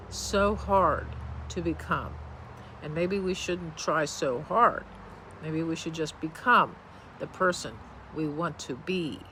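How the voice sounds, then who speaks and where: A man giving a reflective self-help talk in a calm, gentle, measured way, pausing to think between phrases. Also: high-pitched, slight background noise, low-quality recording.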